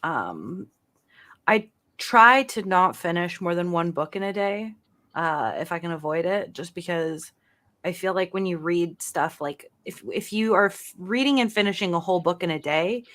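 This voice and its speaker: A woman's voice: fairly low pitch, expressive, moderate pace, a bit bright. A woman co-hosting a gaming podcast, talking casually and hesitantly with many fillers. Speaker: podcast co-host.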